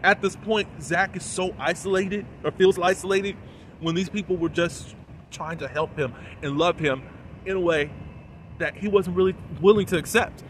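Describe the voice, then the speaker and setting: A man giving a casual, animated recap and review of a TV episode, full of fillers and quoted lines. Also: high-pitched, normal speed, slight background noise.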